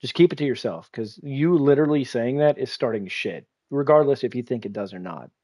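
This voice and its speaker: A man's voice: mid-range voice, a little fast, warm tone, dry recording. A young adult man streaming a game, telling a rambling personal story in casual chat and swearing now and then. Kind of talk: casual livestream chat while gaming.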